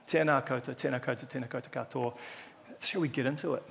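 A man's voice: mid-range voice, fairly even intonation, fast talker, gravelly, a bit bright, slight background noise. Sex: man. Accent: New Zealand. Style: casual joking sermon. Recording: long church-hall reverb. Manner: chatty, joking, self-deprecating. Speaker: preacher.

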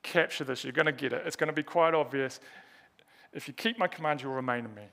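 A man's voice: mid-range voice, quick pace, creaky, fairly bright tone. A man preaching a sermon, earnest and emphatic, asking rhetorical questions and repeating key words.

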